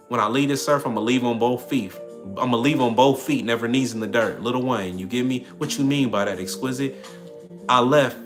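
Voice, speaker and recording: Slangy, preachy man over music. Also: medium pitch. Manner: slangy, preachy, full of rhetorical questions. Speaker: livestream host. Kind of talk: casual livestream monologue. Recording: music under the voice. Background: music playing.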